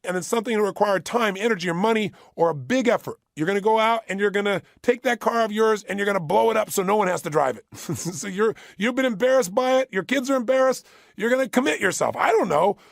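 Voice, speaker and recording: In a motivational audio program, a middle-aged male motivational speaker talks emphatically and repeats phrases for effect, recorded close in a studio without echo. His voice is high-pitched and gravelly, and his pace is quick.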